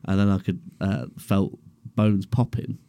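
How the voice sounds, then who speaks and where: A young man with a deep, gravelly voice tells a story casually. His tone is dark and mellow, and the sound is dry and close. He swears freely and laughs through his own story. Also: little pitch movement, measured pace, no room sound. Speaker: podcast co-host. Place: garage.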